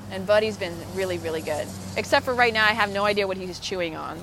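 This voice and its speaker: A woman's voice: mid-range voice, fast, few pauses. Chatty woman live-streaming outdoors by water. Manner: chatty and effusive, greeting viewers by name. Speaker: co-host of an online live show. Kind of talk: casual live-stream chat. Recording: outdoor recording with clear traffic noise. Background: outdoor ambience and passing vehicles.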